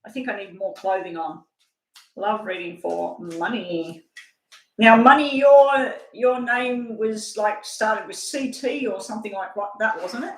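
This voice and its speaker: A woman's voice: medium pitch, unhurried, roomy sound, poor audio. An older woman giving a chatty, rambling live-stream tarot reading, at times talking while she eats. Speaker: tarot reader.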